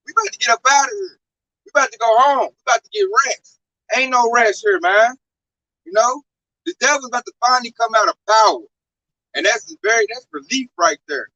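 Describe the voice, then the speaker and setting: A man's voice: very high-pitched, very animated, brisk, pushed and bright. A man talking in a casual religious discussion, slangy and emphatic, acting out quotes in his own words. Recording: muffled lo-fi recording.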